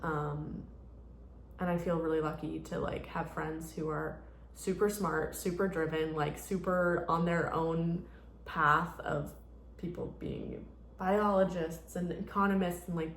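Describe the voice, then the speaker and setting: A woman's voice: low voice, fairly even intonation, measured pace, roomy sound, slight background noise. A woman around thirty chatting casually in a rambling vlog, full of "like" fillers. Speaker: vlogger. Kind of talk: casual chat.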